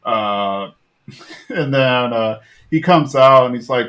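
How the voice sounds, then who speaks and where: A man at an average pitch talks through a cartoon episode he just watched as a podcast host. His retelling is loose and chatty, full of fillers and little restarts. He sounds like he's just hanging out and telling a friend about it. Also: slow pace, a bit bright. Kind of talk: casual episode recap.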